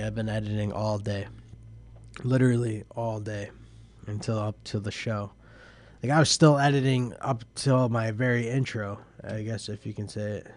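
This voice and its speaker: A man's voice: lowish voice, slight background noise. A young man hosting a live internet radio show, tired and yawning as he rambles casually through band lists and news. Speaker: host.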